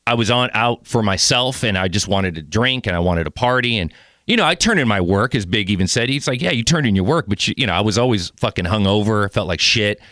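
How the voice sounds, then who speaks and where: A man's voice: lowish voice, expressive, fast, bright, forceful tone, no echo, clean studio sound. A man in his forties hosting a podcast, talking candidly and earnestly, swearing casually. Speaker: podcast host. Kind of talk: casual interview chat.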